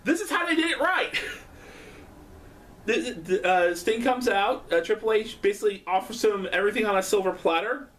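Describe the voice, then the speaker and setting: A man doing a rambling casual vlog at home, excitable and profane, laughing often. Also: high voice, normal speed, recorded from a distance. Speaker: vlogger.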